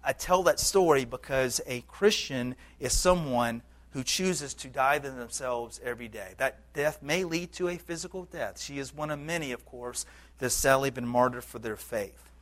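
A man's voice: mid-range voice, moderate pace, a bit bright. A man preaching a sermon as pastor to his congregation, earnest and conversational, with occasional fillers.

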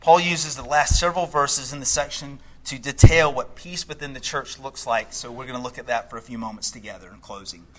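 A middle-aged male pastor delivering a sermon, telling a story, then speaking by turns softly and with emphasis. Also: medium pitch, fairly quick, few pauses, poor audio. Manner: storytelling, shifts between hushed and emphatic.

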